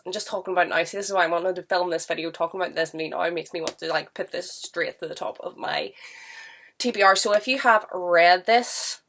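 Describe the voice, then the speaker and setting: Here a woman talks books at home in a relaxed, excited chat to camera, though a cold has left her sounding stuffy. She's a book vlogger, and her fairly low voice carries a fairly bright tone.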